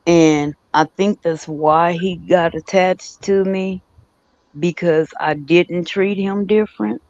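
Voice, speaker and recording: A man's voice: high-pitched, fairly even intonation, slow pace, a little mellow, no room sound. A man co-hosting a casual podcast chat. He laughs easily and tells stories in emphatic, repeating phrases. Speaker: podcast co-host. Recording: dull, dry lo-fi recording.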